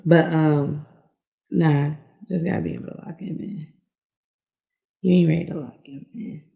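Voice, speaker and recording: A man talking casually and relaxed in a played clip. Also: on the high side, unhurried, gravelly, dull audio. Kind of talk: casual conversation.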